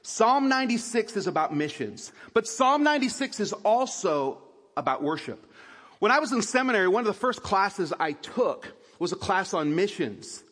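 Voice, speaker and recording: Male pastor, fairly high voice, preaching from scripture, casual asides and restarts, long hall reverb. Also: big pitch swings, moderate pace, fairly bright tone. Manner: reads scripture aloud, then explains with restarts and self-corrections. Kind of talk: sermon.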